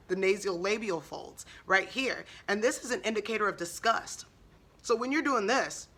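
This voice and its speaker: A woman speaks in a bright, forceful voice as she gives a devotional encouragement talk. She talks earnestly, in a preacherly way, and asks many rhetorical questions. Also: mid-range voice. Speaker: Christian speaker.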